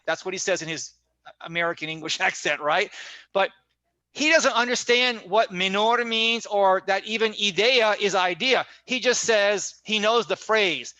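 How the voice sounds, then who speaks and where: A man with a high, bright voice leads an online teaching workshop over a video call. He talks in a casual, conversational way, circles back to repeat his points, and keeps checking in with his listeners. The sound is close and dry. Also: moderate pace, no room sound. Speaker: teacher trainer.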